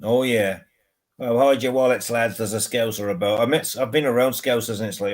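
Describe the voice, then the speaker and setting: A man's voice: mid-range voice, brisk. Man, live stream host, loose sweary late-night chat. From England. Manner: rambling, sweary, slips into mock voices.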